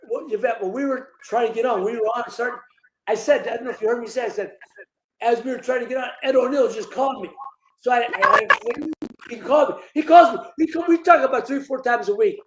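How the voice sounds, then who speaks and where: A man's voice: very high voice, fast, a bit bright, roomy sound, a little hiss or hum, low-quality recording. A man in his sixties from Ohio, telling stories as a guest in a live interview, rambling with many fillers and restarts. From Ohio, USA. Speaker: interview guest, former boxer.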